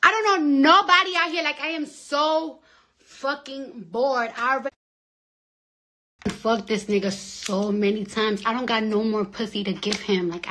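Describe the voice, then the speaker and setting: A young woman from the New York area talking to viewers on a phone live stream, rambling and swearing, swinging between loud outbursts and near-whispers. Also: medium pitch. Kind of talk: casual live-stream rant.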